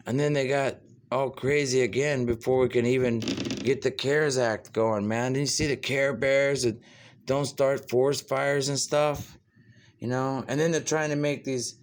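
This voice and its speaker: Rambling man with a smooth voice. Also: medium pitch. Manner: rambling, ends phrases with "man", puffs and sighs. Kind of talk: rambling monologue.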